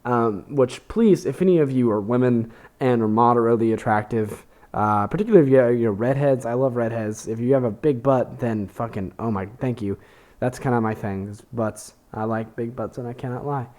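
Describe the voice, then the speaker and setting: A man's voice: medium pitch, moderate pace, a little mellow. Rambling, profane young man. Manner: rambling, profane, self-deprecating, lots of fillers and restarts. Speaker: podcast host. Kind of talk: casual comedic monologue.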